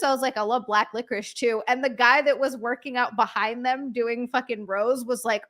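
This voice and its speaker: Chatty laughing woman, higher voice. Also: steady tone, normal speed, hardly any pauses, a bit bright. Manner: chatty storyteller, laughs often. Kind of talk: casual livestream chat.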